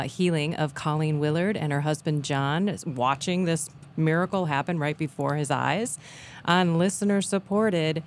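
A woman's voice: low voice, a little hiss or hum. A woman hosting a radio talk show, enthusiastic as she leads into a break. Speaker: radio host.

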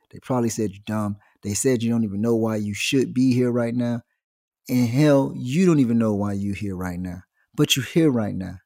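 A man telling a comic monologue in loose slang, with a lively, swooping pitch and a gravelly edge. He tells his stories fast and jumps into quick voices along the way. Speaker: comedian. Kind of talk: stand-up style comic monologue.

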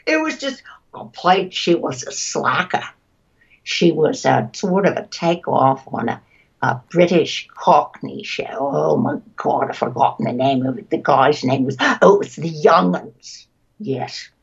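A woman, a voice actress, telling stories in a casual interview, chatty and quick to laugh, often trailing off mid-sentence. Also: low voice, expressive, gravelly, breathy edge, dull audio. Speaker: voice actress guest.

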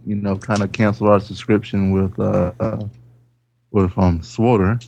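A man with a fairly low voice chats on a gaming podcast. He rambles and hesitates, filling gaps with ums. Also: flat delivery, moderate pace, creaky, mellow, highs cut off. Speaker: podcast co-host. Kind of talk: casual gaming podcast chat.

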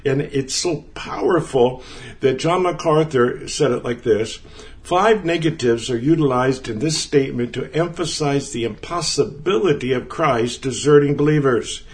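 A man gives an earnest, conversational Bible teaching. He leans into key words and repeats them for emphasis. His voice sits at an ordinary middle pitch. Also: moderate pace.

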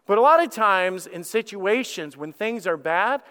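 Animated male pastor in an echoey hall. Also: high-pitched, measured pace, smooth. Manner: animated, acts out quoted prayers, repeats words. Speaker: lead pastor. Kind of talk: sermon. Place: church sanctuary.

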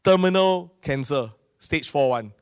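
A middle-aged man with a Singaporean English accent, preaching a sermon in an animated storytelling manner. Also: fairly high pitch, a little slow, clear, resonant tone, dry recording, studio quality. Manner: animated storytelling, acting out voices of people in his stories. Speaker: pastor.

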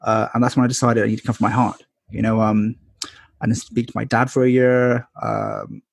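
A man with a husky, slightly breathy voice tells his personal story as a podcast guest. He rambles candidly, filling pauses with ums and likes. The sound is dry and close. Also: on the low side, little pitch movement, no room sound. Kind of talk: casual storytelling interview.

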